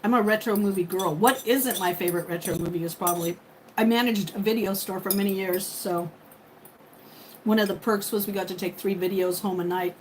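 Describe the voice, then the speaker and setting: Thanking viewers by name as she chats, a woman in her fifties runs a casual livestream in a medium-pitched, steady voice at a fairly quick pace. The recording is low quality, with faint background noise.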